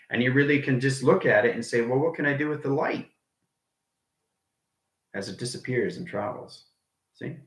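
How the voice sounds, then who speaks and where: In an echoey room, the online spiritual teacher speaks in a sharp, mid-range voice during an animated, rambling livestream. He often repeats ideas and occasionally sinks into a whisper.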